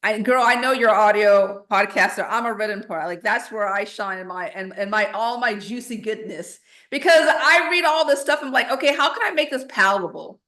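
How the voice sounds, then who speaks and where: A woman's voice: medium pitch, moderate pace, few pauses, fairly bright tone. A woman who is a coach and a podcast guest, talking frankly and emphatically with slang and restarts. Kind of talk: casual podcast conversation. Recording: echoey room.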